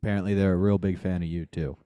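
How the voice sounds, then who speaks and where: A man's voice: deep voice, level tone, fast talker, clear, resonant tone, no echo, highs cut off. A man on a podcast, chatting casually and dropping dry, teasing remarks at his co-host. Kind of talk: casual chat.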